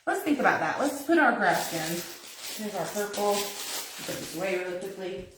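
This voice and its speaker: A woman's voice: mid-range voice, very animated, moderate pace, noisy background. Chatty woman crafting in an echoey kitchen. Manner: chatty, giggly, thinking aloud while working. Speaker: craft tutorial host. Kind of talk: live-stream crafting demo, chatting to viewers. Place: her kitchen, indoors. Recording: echoey kitchen, mic at a distance.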